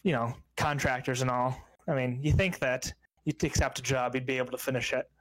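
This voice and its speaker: A man voicing a cold, menacing crime boss in his seventies, speaking in calm, clipped lines in a tabletop game. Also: medium pitch, fairly quick, natural voice, poor audio. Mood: coldly menacing. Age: 70s. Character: cold older male crime boss with an eye implant.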